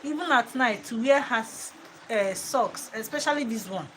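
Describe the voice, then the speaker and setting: A woman's voice: fairly high pitch, animated, normal speed, poor audio. A woman chatting casually at home in her vlog, scolding her child between remarks. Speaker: vlogger. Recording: loud ambient noise.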